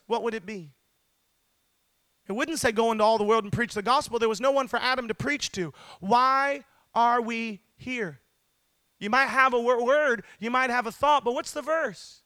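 A man preaching a fervent sermon, calling on the congregation to answer back, swinging between loud shouted lines and hushed ones. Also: extremely high pitch, no echo, clean studio sound.

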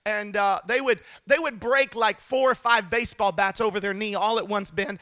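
A man, building from quiet storytelling to impassioned, shouted peaks. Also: sits high, moderate pace, hardly any pauses, no echo. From United States. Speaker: preacher. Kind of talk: sermon.

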